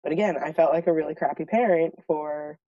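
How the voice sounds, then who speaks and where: A woman with a mellow, warm voice tells stories with exasperated emphasis in a casual group chat. She repeats her points for effect. She is recorded from some distance, and the sound is dry. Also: deep voice, a little fast, dry recording, muffled recording. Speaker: parent in a discussion.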